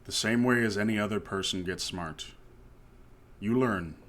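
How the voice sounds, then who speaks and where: A man playing a tabletop game, speaking calmly and measured in character. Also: fairly low pitch. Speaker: player. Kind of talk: tabletop role-play.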